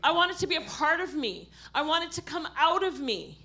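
Fiery woman preaching, high bright voice. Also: sing-song, brisk. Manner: impassioned, swings from quiet asides to loud exhortation. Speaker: pastor. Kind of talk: sermon.

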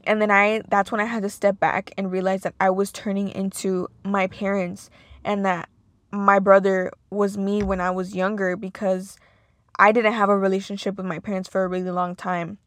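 A woman's voice: mid-range voice, little pitch movement, moderate pace, dry recording. Casual young woman, dry close sound. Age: young adult. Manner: casual, emotional, filler-heavy with many "like"s. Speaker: podcast host. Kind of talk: personal monologue.

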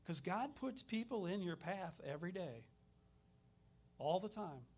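A middle-aged man, a minister telling personal stories in a conversational sermon with animated retellings. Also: high voice, measured pace, breathy edge.

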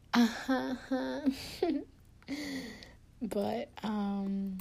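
A woman chatting intimately and casually to her partner, giggly and rambling in a soft, often half-whispered voice. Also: medium pitch, fairly even intonation, a little slow, creaky, husky. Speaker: podcast host talking to her partner. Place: indoors at home.

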